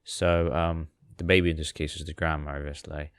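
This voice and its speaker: Podcast host, male, deep voice, sarcastic rambling comic storyteller, dry close sound. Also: flat delivery, a little fast, clear, resonant tone, no echo. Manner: rambling, sarcastic, lots of fillers and restarts.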